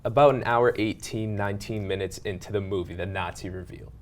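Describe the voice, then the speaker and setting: A man's voice: fairly low pitch, fairly even intonation, fairly quick, slight background noise. A young man co-hosting a podcast, adding dry facts and short remarks about a film. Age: young adult. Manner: dry, trivia-minded, brief remarks. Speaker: podcast co-host. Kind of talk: casual film discussion chat.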